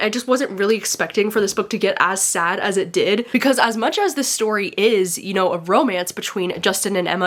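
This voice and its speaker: A young woman records a casual book vlog from her bed. She talks in a loose, gushing way, tossing in "like" and "dude" all the time. Her voice sits at an ordinary mid pitch. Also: fairly bright tone. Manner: chatty and gushing, heavy use of "like" and "dude". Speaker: book vlogger. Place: bedroom, in bed.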